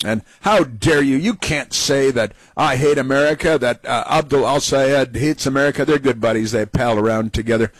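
A male talk radio host delivers opinionated commentary in a rambling, sarcastic way. His voice sits at a middling pitch. The recording is dry and close, with no room sound. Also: moderate pace, few pauses, dry recording, rough recording.

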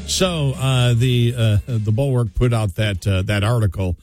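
A man's voice: medium pitch, unhurried, a little mellow, no echo, faint music behind. A middle-aged man co-hosting a talk radio show, rambling with many fillers and restarts. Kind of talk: casual talk radio banter. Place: radio studio.

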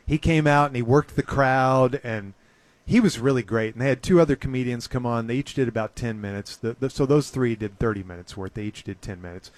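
A man hosts a talk show in a relaxed, enthusiastic chat, at a middle pitch for a man. His voice is close and dry, with no room sound. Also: brisk, few pauses, no echo. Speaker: radio host. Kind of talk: casual chat.

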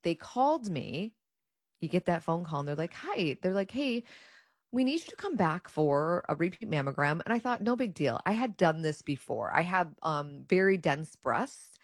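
Low-voiced woman telling her story, acts out the quotes, really dry sound. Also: normal speed, no echo. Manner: animated, acts out her own and others' quoted words. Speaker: guest sharing her cancer story. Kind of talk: casual personal storytelling.

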